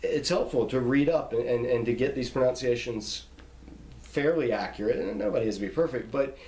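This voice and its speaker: A man's voice: medium pitch, mellow, echoey room, low-quality recording. A man reading a list of scripture names aloud and stopping to explain how to pronounce them, in a teaching tone. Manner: reads name lists slowly, pausing to spell out pronunciations.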